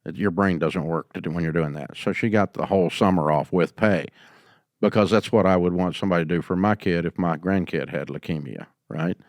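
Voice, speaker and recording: An older man hosting a business advice show, answering a caller in a folksy storytelling way and going quieter when he quotes people. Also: sits low, a little fast, no room sound, clean studio sound. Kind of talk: call-in advice talk.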